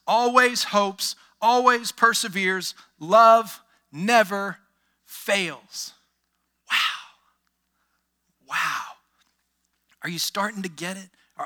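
A man preaching a sermon with a high, ringing, very bright voice. He drives his points home with emphasis, asks the congregation questions and breaks into quick exclamations. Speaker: pastor.

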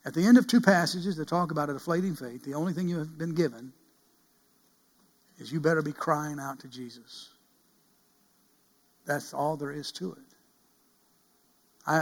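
A middle-aged male pastor preaching with a somewhat high voice. He talks in earnest, rising to loud cries and dropping to hushed pleading. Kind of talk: sermon.

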